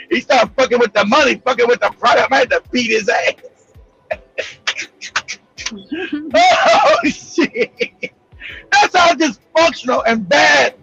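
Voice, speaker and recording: High-pitched, gravelly LA storyteller man. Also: takes it slowly, long pauses, highs cut off, music in the background. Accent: Los Angeles. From Los Angeles. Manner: profane, animated, laughs often, loud outbursts. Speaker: show host. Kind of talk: storytelling monologue.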